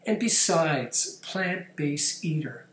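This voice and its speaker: A man's voice: on the high side, animated, takes it slowly, fairly bright tone. A man hosting his own video channel, talking casually to camera and reading out viewer comments in a wry, playful, self-mocking way. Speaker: vlog host. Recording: echoey room.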